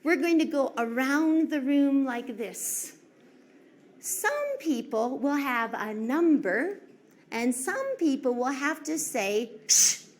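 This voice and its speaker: A woman teacher leading a class in counting games, slow, sing-song and encouraging. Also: high-pitched, very animated, a little hiss or hum. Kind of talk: classroom instruction.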